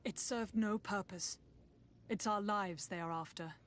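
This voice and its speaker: An earnest female scholar on the run, voiced by a woman in a video game, pleading for refuge. Her voice sits at a middling pitch, with a faint hiss of noise under it. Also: unhurried, natural voice.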